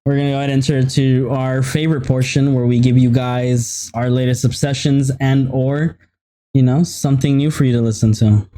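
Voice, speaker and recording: A man co-hosting a podcast, talking casually as a lively storyteller. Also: mid-range voice, fairly quick. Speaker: podcast co-host.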